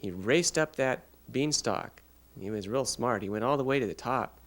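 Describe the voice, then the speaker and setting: A man interpreting a child's signed story aloud, narrating a fairy tale in an unhurried, halting way with pauses. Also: medium pitch, lively intonation. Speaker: sign language interpreter voicing a child.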